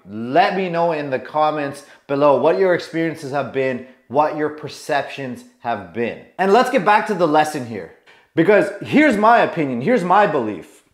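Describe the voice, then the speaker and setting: A man's voice: a little high, roomy sound. A man coaching to camera in an emphatic way, repeating himself and asking rhetorical questions. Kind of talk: motivational lesson to camera.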